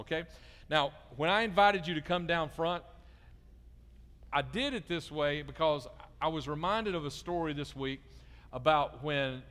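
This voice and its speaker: Pastor, man, fairly high voice, lively and coaxing with kids, long church hall reverb. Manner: lively, coaxing, asks children questions. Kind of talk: children's sermon. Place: church sanctuary.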